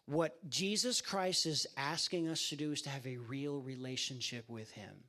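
A man's voice: mid-range voice, normal speed, sharp tone. A man preaching an impassioned sermon to a campus ministry, speaking directly to his listeners. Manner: impassioned, addresses listeners as guys.

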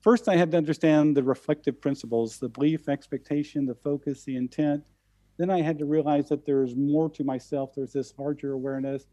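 A man from the central United States, a guest telling stories in conversation, halting and often repeating his words. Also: on the high side, steady tone, mellow. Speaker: guest speaker. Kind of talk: storytelling in conversation.

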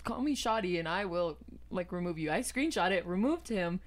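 Animated young woman, giggly chat. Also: fairly low pitch. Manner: giggly, playful, quick to joke. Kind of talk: casual chat.

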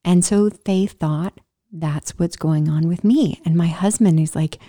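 A woman vlogger talks straight to her viewers with a mellow, fairly low voice. She tells her story casually, breaks off mid-sentence, and acts out sound effects as she goes. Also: measured pace. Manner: animated, makes sound effects, frequent restarts. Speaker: vlogger telling a personal story.

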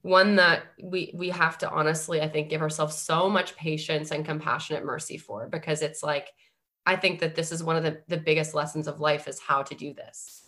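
A woman's voice: low voice, normal speed. A woman on a podcast musing about family and boundaries, with many "like"s and fillers. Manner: musing, heavy use of "like", animated when quoting. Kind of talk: reflective podcast conversation.

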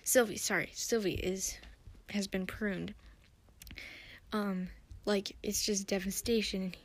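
A woman's voice: mid-range voice, steady tone, slow pace. A woman hosting her own podcast, recapping a TV episode in a chatty, rambling way with many fillers and restarts. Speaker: podcast host.

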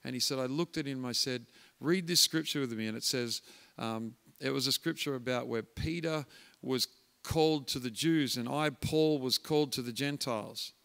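Animated man preaching in a reverberant church hall. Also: medium pitch, normal speed, gravelly. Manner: animated storyteller acting out voices. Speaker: guest preacher. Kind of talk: storytelling sermon.

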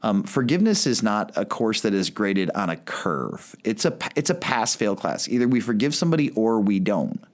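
Deep-voiced man preaching casually. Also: sing-song, moderate pace, hardly any pauses. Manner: conversational preaching with frequent "like" and restarts. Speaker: pastor. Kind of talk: sermon.

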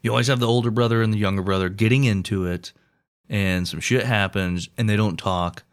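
A man's voice: on the low side, fairly even intonation, brisk. A man co-hosting a casual podcast, chatting in wry, rambling asides. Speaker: podcast co-host. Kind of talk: casual chat.

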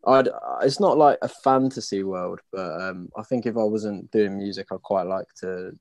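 Laid-back young musician, low voice. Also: male voice, moderate pace, no echo. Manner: relaxed, rambling, trails off softly. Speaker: band member. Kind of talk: casual interview chat.

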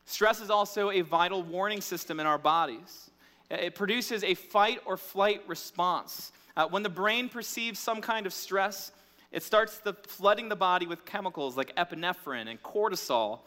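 In a reverberant church hall, a man in his thirties preaches a sermon in a conversational, candid way. He's a pastor with a high, bright voice, a forceful tone, and a moderate pace.

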